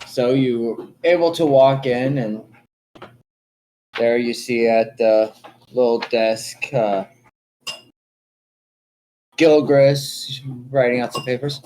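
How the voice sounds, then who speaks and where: A man's voice: mid-range voice, warm tone, a little hiss or hum, poor audio. A man narrating as game master in a casual tabletop game session. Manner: slow, loose narration with fillers.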